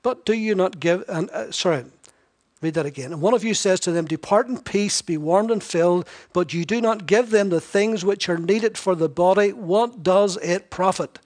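A man's voice: high voice, normal speed, darkish tone. A man preaching an expository sermon, emphatic and repetitive, with wry asides.

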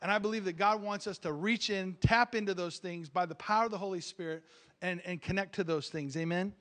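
High-voiced man preaching a sermon. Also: a little fast, a bit bright. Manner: emphatic, calls for amens, repeats his starts. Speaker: visiting preacher. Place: church.

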